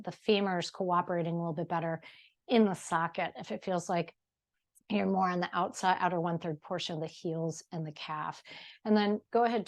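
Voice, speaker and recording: A woman leading a movement exercise class, chatty and encouraging, a little out of breath. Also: medium pitch. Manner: chatty and encouraging, with self-deprecating asides. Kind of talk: guided exercise class instruction.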